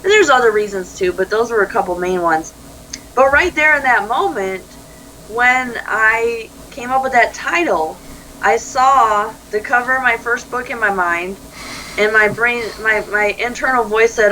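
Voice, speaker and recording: A woman talks through an interview in a bright, forward voice. She tells her stories animatedly, slipping into quoted dialogue and laughing easily. There is a faint hiss of noise in the background. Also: on the high side, normal speed, low-quality recording. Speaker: life coach, interview guest. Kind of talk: conversational interview.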